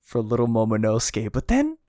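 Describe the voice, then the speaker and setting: A man co-hosting a casual podcast chat, excitable, laughing often and acting out quotes. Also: mid-range voice, fairly quick, no room sound, studio quality. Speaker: podcast co-host. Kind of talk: casual chat reviewing a chapter.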